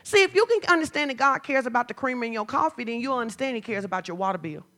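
A woman pastor preaching a sermon, moving from chatty storytelling to loud, fervent declarations. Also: fairly high pitch, expressive, fast.

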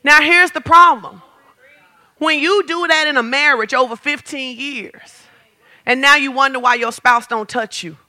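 A man preaching a sermon as pastor, animated and playful, acting out little scenes and often shouting to drive points home. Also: extremely high pitch, a little slow. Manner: animated preaching, acts out quotes, playful humor.

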